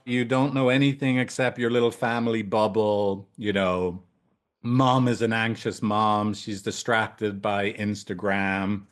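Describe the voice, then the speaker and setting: A man in his thirties, a couples therapist, giving a casual training talk, animated, swearing freely and tagging lines with "right?". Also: lowish voice.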